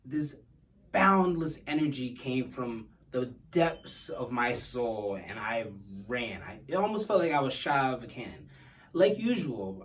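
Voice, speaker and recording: A man recounts a personal story in a relaxed, wry tone, poking fun at himself. His voice sits at an ordinary middle pitch. It comes across a little distant from the microphone. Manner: wry, self-deprecating humor.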